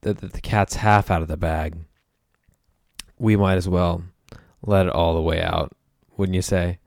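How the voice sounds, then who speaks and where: A man's voice: low voice, steady tone, measured pace, creaky, darkish tone, no room sound. A man hosting a radio show in the studio, joking with his co-host and talking to listeners. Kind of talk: casual radio banter.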